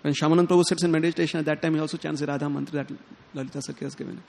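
A man giving a sermon, telling a devotional story in an animated way and acting out the characters' lines. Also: fairly high pitch, very fast, vocal fry. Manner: animated, quotes characters in lively tones, chuckles often. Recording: long hall reverb.

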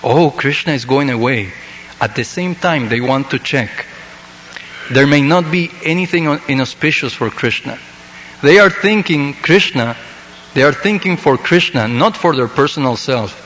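A man's voice: fairly high pitch, lively intonation, normal speed, a bit bright, long reverb tail, slight background noise, low-quality recording. A man giving a fervent recorded sermon, emphatic and repeating his key lines.

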